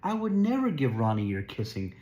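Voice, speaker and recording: Man reading as a gentle mother raccoon. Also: mid-range voice, huge pitch swings, fairly quick. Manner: soft, reassuring.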